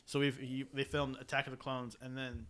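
A young man in casual podcast chat, animated and laughing often, with quick impressions of film lines. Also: mid-range voice. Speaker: podcast co-host.

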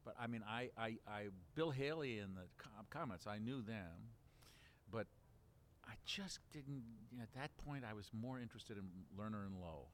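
Older deep-voiced man reminiscing. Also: expressive, moderate pace, a little hiss or hum. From Baltimore. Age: 70s. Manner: rambling, many restarts and fillers, laughs while telling. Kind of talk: relaxed reminiscing interview.

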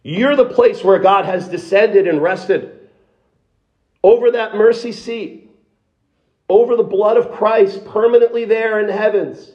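A man's voice: high voice, a little slow, dull audio. A man in the role of a pastor, delivering a sermon in an emphatic, conversational way, with rhetorical questions and frequent restarts.

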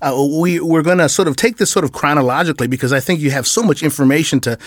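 A man's voice: on the high side, fast, no room sound, studio quality. A man from Michigan co-hosting an interview, chatting in a laid-back way and laughing often. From Michigan, USA. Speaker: co-host. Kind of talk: casual interview chat.

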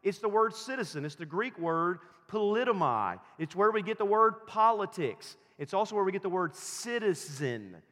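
Male pastor, high voice, emphatic sermon delivery, echoing sanctuary sound. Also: big pitch swings, fairly bright tone. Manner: slow, emphatic preaching with repeated phrases.

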